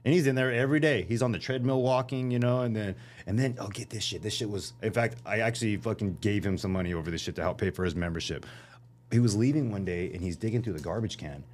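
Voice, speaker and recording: A man's voice: fairly low pitch, quick pace, darkish tone, a little hiss or hum. A man from San Jose, a podcast guest telling rambling, profane stories with lots of fillers in a casual chat. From San Jose, California.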